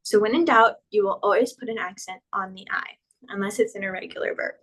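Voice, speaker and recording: Female teacher, patient explainer, walks through conjugation tables slowly and clearly. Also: medium pitch, background noise. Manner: patient, spells out verb endings, slows down for examples. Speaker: Spanish teacher. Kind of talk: explanatory grammar lesson.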